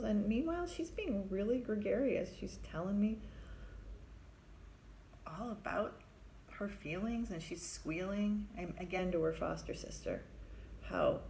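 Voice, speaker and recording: A therapist telling a personal story in a vivid, conversational way, acting out the voices of the people in it. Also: female voice, lowish voice, vocal fry, mellow, a little hiss or hum.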